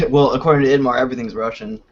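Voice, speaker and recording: Laid-back guy in a casual group chat, mid pitch, dull lo-fi stream mic. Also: racing. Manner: easygoing, amused.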